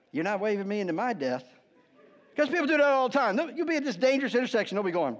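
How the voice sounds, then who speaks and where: A man preaching with a fairly high voice, talking to his congregation in an easy, conversational way with dry humor. He drops low and quiet on key words, then lifts his voice for emphasis. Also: expressive, fast talker. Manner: conversational, asks the congregation "right?" often, wry humor. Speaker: pastor. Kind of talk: sermon.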